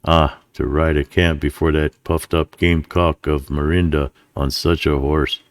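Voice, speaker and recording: Narrator puts on a flattering, greedy Mexican officer, very deep voice, courtly and wheedling. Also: male voice, moderate pace, no echo. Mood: persuasive. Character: smooth, greedy Mexican cavalry colonel, adult man.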